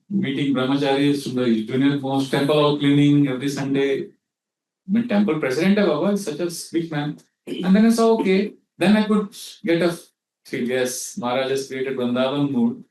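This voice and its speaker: A man's voice: fairly high pitch, a little mellow. A man with an Indian accent giving a scriptural lecture, telling anecdotes and acting out quotes, mixing in Hindi. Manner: storytelling, mixes in Hindi, acts out quotes. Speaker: spiritual teacher. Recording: echoey hall, mic at a distance.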